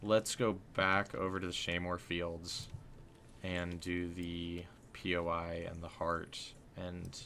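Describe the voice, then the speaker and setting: A man hosting a livestream, chatting casually and excitably over a game, with slangy talk that gets loud when he is hyped. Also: sits low, takes it slowly, slight background noise. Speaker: livestream host. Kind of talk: casual gameplay chat.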